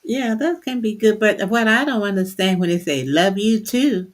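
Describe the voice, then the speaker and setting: An older woman co-hosting a relaxed faith chat. She makes short, earnest, plain points in an everyday voice at a middling pitch. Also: moderate pace. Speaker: co-host, mother of a host.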